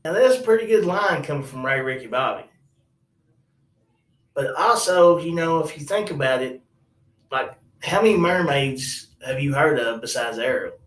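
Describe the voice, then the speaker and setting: A man's voice: a little high, animated, normal speed, echoey room, distant mic, poor audio. A man telling a comic personal story in a rambling, wry way with many asides.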